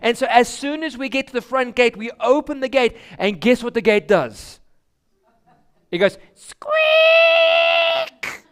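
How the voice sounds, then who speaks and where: A man's voice: very high-pitched, moderate pace, smooth. A man telling a story to a church congregation, acting out the characters as he goes. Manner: animated storytelling with voiced characters. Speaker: speaker giving a children's story. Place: church sanctuary.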